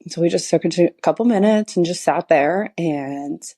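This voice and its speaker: Low, husky-voiced woman chatting. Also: normal speed, dark tone. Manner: rambling storytelling with frequent laughs and acted quotes. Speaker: podcast host and chiropractor. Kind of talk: casual solo podcast monologue.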